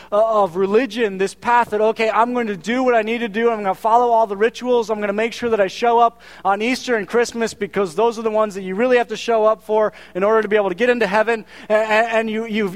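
A man preaching a sermon to his congregation in an earnest, conversational way, often restarting his words. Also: high-pitched. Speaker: pastor.

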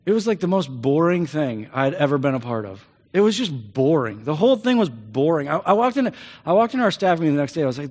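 A man preaching a sermon, telling stories animatedly and slipping into quick put-on voices. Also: a little high, big pitch swings, darkish tone. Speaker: pastor. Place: church. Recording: church hall reverb.

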